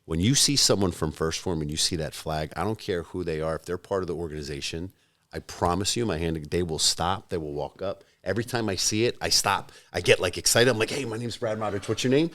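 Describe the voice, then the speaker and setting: Brief: deep, dry-sounding man in his forties, profane storyteller, podcast guest. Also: fairly quick, fairly bright tone, no room sound. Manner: profane, storytelling, acts out both sides of conversations. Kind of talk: casual podcast chat.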